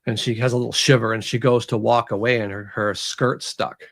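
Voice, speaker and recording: Speaking briskly in a gravelly, mid-range voice, an author appearing on an interview show recounts a story. His telling is relaxed and animated, and he performs the characters' parts.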